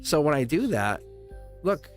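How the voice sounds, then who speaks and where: A middle-aged man with a Boston accent leads a live tarot reading in a chatty, straight-shooting way, often breaking into giggles. His voice swings up and down with lively energy. Faint music plays behind him. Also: fairly high pitch, a little slow. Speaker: tarot reader.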